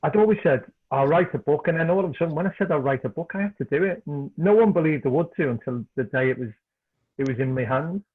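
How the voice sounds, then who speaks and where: A middle-aged man from Liverpool with a Scouse accent, a podcast guest and author telling animated anecdotes in casual chat. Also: a little high, fast, slightly rough. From Liverpool, England. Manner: animated anecdotes, repeats words when excited. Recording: tinny phone-like call line.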